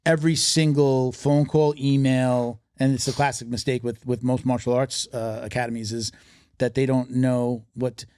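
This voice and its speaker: A man's voice: medium pitch, little pitch movement, moderate pace, darkish tone, smooth, dry recording, studio quality. A man who is a martial arts marketing expert, talking casually as a podcast guest and telling stories with emphasis and many restarts.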